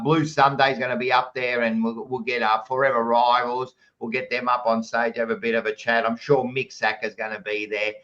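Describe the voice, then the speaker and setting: Aussie bloke hosting a footy podcast, brash, swears a lot, dull lo-fi sound. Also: male voice, medium pitch, a bit bright. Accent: Australian. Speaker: podcast host. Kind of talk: casual footy chat and plugs.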